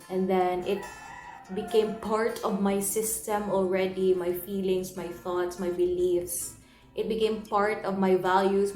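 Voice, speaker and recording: A young woman telling a personal story in an earnest, emotional way, often repeating and restarting her phrases. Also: medium pitch. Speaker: vlogger. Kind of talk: personal confessional vlog. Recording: roomy echo, soft guitar music underneath.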